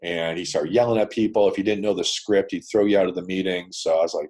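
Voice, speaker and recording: A man's voice: sits low, steady tone, fast, hardly any pauses, a little mellow, slightly rough. A man from Canada, a guest on a video call interview, telling his business story in a blunt, casual way with plenty of swearing and "man" and "dude". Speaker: guest entrepreneur.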